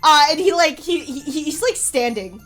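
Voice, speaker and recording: A woman's voice: high voice, animated, moderate pace, fairly bright tone, faint music behind. Rambling woman game master. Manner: rambling, full of fillers and laughs. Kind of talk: narrating a tabletop game.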